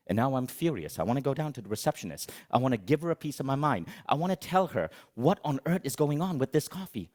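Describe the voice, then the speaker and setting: A middle-aged man giving a motivational talk on stage, telling a comic story in an animated, dramatic, self-mocking way. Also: mid-range voice, fast, few pauses. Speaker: motivational speaker.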